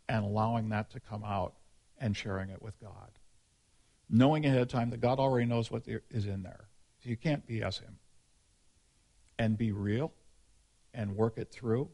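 A man's voice: medium pitch, a little mellow. A male pastor giving a sermon in a candid, conversational and informal way.

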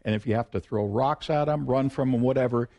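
Stern English mother, low and firm, scolding , put on by a male preacher. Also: a little fast, warm tone, muffled recording, natural voice.

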